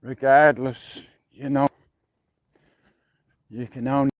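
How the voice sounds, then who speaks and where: A man's voice: mid-range voice, flat delivery, takes it slowly, no echo, narrow, tinny audio. A middle-aged man with a Dublin accent chatting casually on a livestream while walking outdoors, rambling and swearing with lots of "you know what I mean". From Ireland. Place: outdoors, walking through a neighbourhood.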